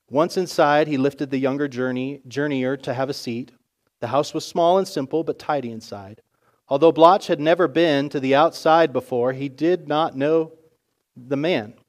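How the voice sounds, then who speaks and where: Man telling a sermon story. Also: a little high. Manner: expressive storytelling narration. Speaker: pastor.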